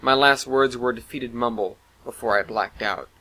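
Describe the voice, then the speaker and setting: A man's voice: medium pitch, normal speed, bright, forceful tone, poor audio. A man narrating a first-person science fiction style story, dramatic in delivery.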